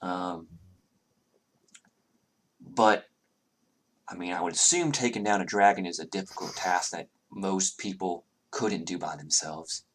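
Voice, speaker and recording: An unnervingly polite tavern keeper, as a man puts him on, trading town gossip in a very low, deep voice. He talks with a hesitant, chatty manner, full of fillers. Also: a little slow, long pauses, fairly bright tone, slight background noise.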